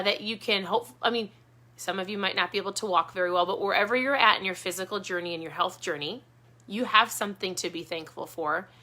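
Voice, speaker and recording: A woman's voice: mid-range voice, pushed and bright. A woman vlogger giving viewers an earnest, encouraging motivational talk, repeating her key points. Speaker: keto vlogger.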